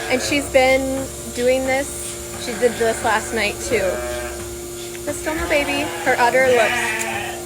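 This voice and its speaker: A woman vlogging on her farm, chatting hopefully to viewers as she explains what she sees, filmed on a handheld phone. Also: sits high. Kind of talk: casual explanatory vlog narration. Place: farm barn and pasture, outdoors.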